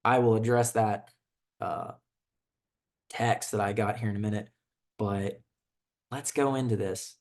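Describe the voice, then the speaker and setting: A man's voice: fairly low pitch, steady tone, measured pace, pauses often, darkish tone. A young man with a Southern twang, chatting loosely as a video host, full of fillers and restarts while he reacts to comments. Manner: rambling, laid-back, many fillers and restarts. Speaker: channel host.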